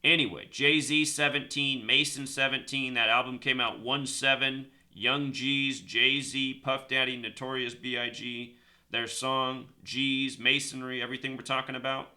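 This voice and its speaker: Bright-voiced man rambling to camera. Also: mid-range voice, little pitch movement. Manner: rambling, repeats numbers, talks fast then slows to stress points. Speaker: video host. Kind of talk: casual monologue to camera.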